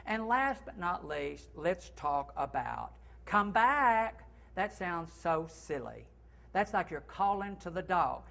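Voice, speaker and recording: A man who is a retail consultant, hosting a segment with sales tips in a playful, animated way. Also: a little high, measured pace, vocal fry, muffled recording. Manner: playful, animated, acts out sample phrases. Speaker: segment host.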